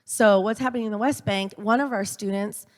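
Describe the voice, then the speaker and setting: A woman's voice: medium pitch, steady tone, brisk. A middle-aged woman tells stories in an earnest speech at a church gathering, stumbling a little with fillers and restarts. Her mid-range voice hangs in a long church reverb. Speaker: speaker at a church event for a university.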